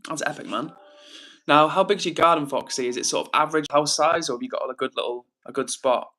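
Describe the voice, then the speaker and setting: A man's voice: a little high, fast, sharp tone. A young man hosting a livestream, chatting casually and reading viewer comments aloud. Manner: chatty, upbeat, reads chat messages aloud. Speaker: livestream host.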